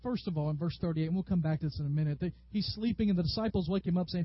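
A man from Tennessee, preaching a sermon in an animated storytelling way. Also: high voice, fast, hardly any pauses, no echo, lo-fi sound. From Tennessee, USA. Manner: animated, storytelling preacher who acts out quotes loudly. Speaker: pastor.

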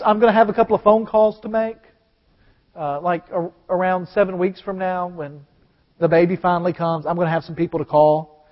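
A man with a Southern US accent preaching a sermon, talking conversationally and then building to emphatic proclamations. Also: high-pitched. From American South. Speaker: pastor. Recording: dull sound with long hall reverb.

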